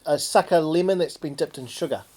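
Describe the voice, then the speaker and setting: A man's voice: on the high side, a little fast, a little mellow. A man, co-hosting a podcast in casual chat, dry and matter-of-fact. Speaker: podcast co-host.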